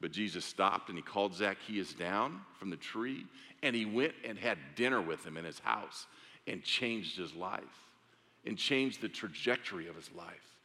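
A man's voice: deep voice, lively intonation, moderate pace, sharp tone, big-room sound. A man preaching a sermon, telling a story with drama and acting out the voices of its characters. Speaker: pastor.

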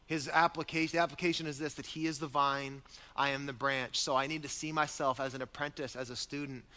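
Emphatic pastor preaching in a hall. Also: male voice, medium pitch, steady tone, brisk, sharp tone. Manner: emphatic, repetitive preaching cadence. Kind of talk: sermon. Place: church sanctuary. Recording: long reverb of a large hall.

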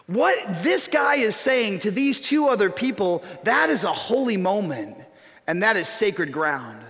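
High-voiced, bright male pastor preaching. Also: normal speed. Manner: storytelling, animated and self-mocking. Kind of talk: sermon. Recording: reverberant hall.

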